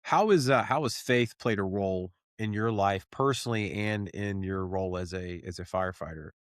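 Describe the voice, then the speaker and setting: A man hosting a podcast, asking halting interview questions with fillers. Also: on the low side, no room sound, clean studio sound. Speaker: podcast host.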